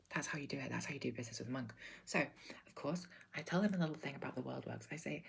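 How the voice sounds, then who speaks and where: Whispered role-play: woman, deadpan comic ASMR whisper, low and husky. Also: fast. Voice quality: breathy whisper. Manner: deadpan absurd storytelling in whispers. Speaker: ASMR creator.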